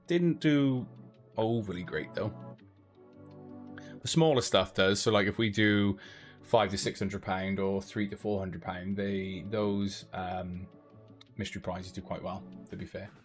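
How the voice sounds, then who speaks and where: A man's voice: deep voice, flat delivery, measured pace, faint music behind. A man hosting a giveaway livestream, chatting casually to his viewers in a loose, rambling way full of fillers and restarts.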